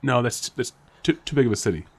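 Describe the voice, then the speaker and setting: A man's voice: mid-range voice, lively intonation, fast talker. A man co-hosting a casual podcast chat, rambling and speculating with frequent laughs and restarts. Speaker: podcast co-host.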